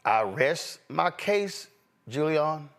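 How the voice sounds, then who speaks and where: A man's voice: a little high, lively intonation, drawn-out words, vocal fry, a bit bright. A male host giving emphatic political commentary with a preacher-like cadence.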